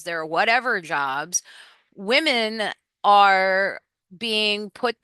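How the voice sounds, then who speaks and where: A woman's voice: medium pitch, bright, forceful tone, clear, resonant tone, no echo. A woman guest in a casual political chat, earnest and repeating her points for emphasis. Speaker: podcast guest.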